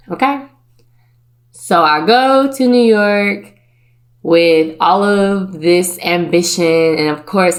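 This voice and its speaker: A woman from Virginia, hosting a podcast, telling a personal story in a playful, chatty way and putting on the voices of her relatives. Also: fairly low pitch. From Virginia, USA. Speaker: podcast host.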